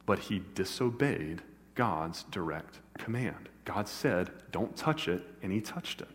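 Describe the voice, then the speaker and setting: A man preaching a sermon as pastor, animated, building to emphatic peaks. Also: low voice, slow. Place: church sanctuary. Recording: long church hall reverb.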